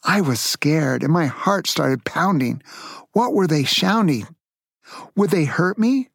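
A man's voice: sits high, big pitch swings, slow, slightly rough, no room sound, studio quality. An older man from Tacoma, Washington, telling a family story to grandchildren in a playful way, asking the listener questions. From Tacoma, Washington, USA.

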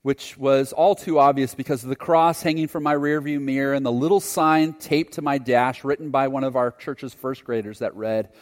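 A man's voice: mid-range voice, steady tone, normal speed, few pauses. A male preacher recounts a personal testimony in an earnest, reflective way. His voice sits in the middle of the male range. The sound carries a long reverb, like a big sanctuary. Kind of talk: sermon testimony storytelling.

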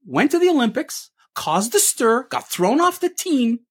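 Animated man ranting on a sports show. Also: very high voice, a little slow, breathy edge. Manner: emphatic, punchy, fond of rhetorical questions. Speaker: co-host of a sports opinion show. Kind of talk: ranting opinion commentary.

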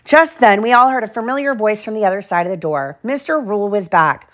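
A mother at home reads a picture book to her children in a slow, clear way, tossing in small side remarks. Her pitch is medium and her intonation lively.

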